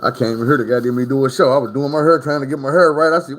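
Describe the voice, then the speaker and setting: Man, middle-pitched voice, casual storytime vlogger: profane, rambling, talks straight to his viewers. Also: steady tone, racing, few pauses. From Arkansas. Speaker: storyteller recounting prison stories.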